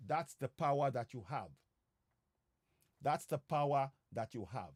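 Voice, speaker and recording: A man with a Nigerian accent giving an earnest civic talk on a live stream, emphatic and pausing often with fillers. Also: mid-range voice, animated, dry recording, studio quality. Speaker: civic educator. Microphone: streaming setup.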